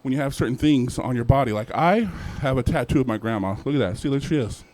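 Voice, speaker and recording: A young man performing a stand-up set at an open mic, animated, acting out characters in sudden put-on voices. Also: mid-range voice, quick pace. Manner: animated, acts out characters with jumps in voice. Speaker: stand-up comedian.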